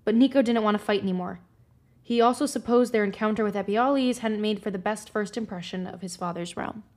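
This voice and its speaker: A woman's voice: medium pitch, brisk, darkish tone. A woman co-hosting a podcast, giggly and effusive in casual chat and reading book narration aloud. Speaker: podcast co-host.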